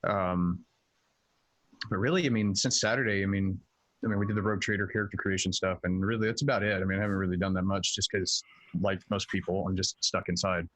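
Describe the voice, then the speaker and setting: A man's voice: low-pitched, steady tone, brisk, a bit bright, no echo. Brief: man, casual player chat, rambling and profane, dead-dry recording. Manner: rambling, many fillers and restarts, swears. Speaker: tabletop game player. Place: at home.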